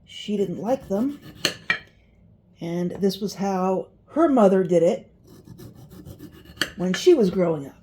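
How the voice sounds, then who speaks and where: A woman's voice: mid-range voice, lively intonation, slow, long pauses, warm tone, a little hiss or hum. A middle-aged woman chatting in a folksy way as she cooks in her home kitchen, with reminiscing asides. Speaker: home cooking vlogger. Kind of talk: casual cooking vlog.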